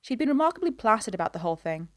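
A woman narrating a story in an even, measured reading voice. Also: mid-range voice, no echo, studio quality.

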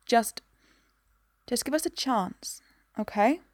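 A woman reading a storybook voicing a gentle, tired foster mother who speaks softly and tenderly. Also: on the high side, normal speed, no room sound, studio quality, natural voice. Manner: soft, tender, hushed.

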